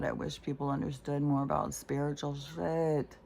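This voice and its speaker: A woman's voice: extremely low pitch, fairly even intonation, moderate pace, vocal fry, hardly any pauses, darkish tone, slight background noise. A middle-aged woman talking casually and bluntly, rambling with lots of fillers and swearing. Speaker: spiritual vlogger.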